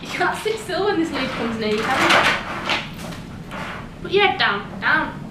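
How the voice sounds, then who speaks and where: A woman's voice: high voice, very animated, takes it slowly. A woman in a casual home vlog, giggly and chatty, coaxing her dog. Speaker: vlogger. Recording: loud background noise, home video.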